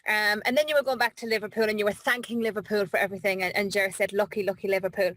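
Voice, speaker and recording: A woman's voice: mid-range voice, steady tone, rapid-fire, fairly bright tone, poor audio. A woman hosting a casual chat over a video call, talking in a chatty, rambling, emotional way. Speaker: host.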